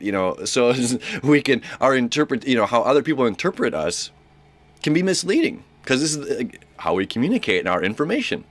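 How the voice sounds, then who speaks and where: A man's voice: medium pitch, big pitch swings, fairly quick, no room sound. A young man giving a casual, rambling horoscope talk as an astrologer, repeating himself and acting out little dialogues.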